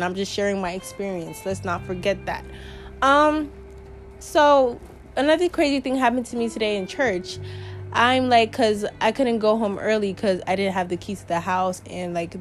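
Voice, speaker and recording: A young woman, hosting her podcast in a rambling, chatty monologue, swearing and laughing often. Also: medium pitch. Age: young adult. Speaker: podcast host. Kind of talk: casual monologue.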